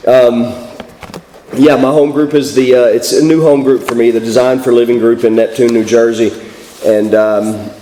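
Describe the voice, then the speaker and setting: Hoarse Texan man in an echoey hall. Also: medium pitch, steady tone, moderate pace, warm tone, a little hiss or hum. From Texas. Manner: folksy, self-deprecating, joking. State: hoarse from a head cold. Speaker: guest speaker at a recovery meeting. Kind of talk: personal recovery talk. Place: church meeting hall.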